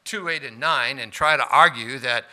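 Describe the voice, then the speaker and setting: A man preaching a sermon, swinging between loud stressed lines and quiet asides and asking his listeners questions. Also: mid-range voice, normal speed.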